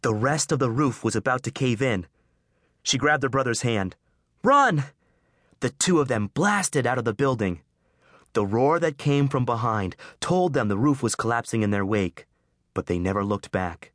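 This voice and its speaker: An audiobook narrator reads a children's adventure story, delivering the scripted tale expressively. His medium-pitched voice moves at a moderate pace, recorded dry at studio quality.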